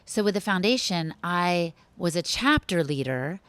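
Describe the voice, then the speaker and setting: A woman guest on a podcast, telling animated, rambling stories with frequent restarts in a casual conversational way. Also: fairly low pitch, unhurried, clear, resonant tone, dry recording.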